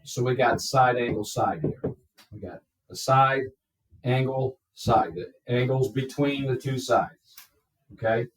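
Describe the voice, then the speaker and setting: A man teaching a math class, explaining step by step and checking in with his students. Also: mid-range voice. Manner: slow, step-by-step, checks in with "okay?". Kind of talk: classroom lecture. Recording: echoey classroom from far off.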